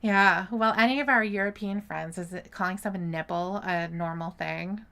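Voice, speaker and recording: A woman's voice: lowish voice, moderate pace, gravelly, pushed and bright, smooth. A woman co-hosting a live podcast stream, chatting casually and laughing often in a teasing way. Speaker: podcast co-host.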